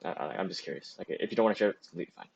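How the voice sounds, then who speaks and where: A young man in his late teens hosts a student stream, talking loosely and answering chat as he goes. His voice sits on the low side and keeps looping through fillers and self-corrections. The sound is dull and lo-fi, like a cheap streaming mic. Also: lively intonation, racing, vocal fry, a little mellow, breathy edge. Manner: rambling, full of "like" and restarts. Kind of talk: casual livestream talk giving advice.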